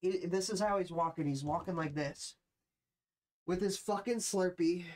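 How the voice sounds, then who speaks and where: A man's voice: high voice, moderate pace, darkish tone. A young adult man chatting casually to his livestream viewers, rambling and slangy, with frequent swearing and fillers.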